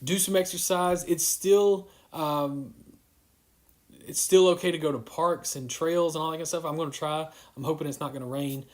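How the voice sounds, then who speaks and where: A man's voice: on the high side, steady tone, moderate pace. A man, giving a casual live-streamed devotional as a youth minister, rambling and wandering off on tangents.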